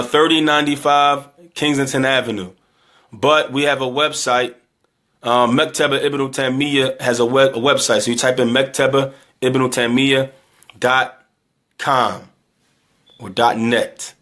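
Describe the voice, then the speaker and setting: A man's voice: medium pitch, steady tone, a little slow, pauses often, a bit bright. A tired, emotional man giving an earnest closing appeal to his community, repeating himself and asking pleading questions. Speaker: community speaker appealing for donations. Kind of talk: impassioned closing exhortation.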